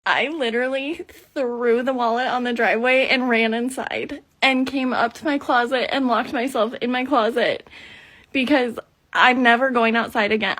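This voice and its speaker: A woman's voice: a little high, a bit bright. A woman telling a comedic story to camera, flustered and mortified, often trailing off mid-sentence.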